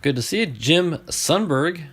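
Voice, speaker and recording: A man opening packs of baseball cards on a live stream, chatting to viewers and getting excited over each find. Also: fairly high pitch, measured pace, breathy edge. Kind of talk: live card-opening chat.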